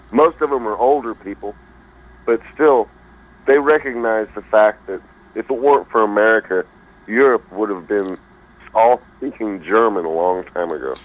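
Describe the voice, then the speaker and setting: Low-voiced guy calling a talk show, tinny phone sound, rambly and folksy. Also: moderate pace. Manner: rambling, folksy, searching for words. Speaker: caller. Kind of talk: call-in talk radio. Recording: phone-line call.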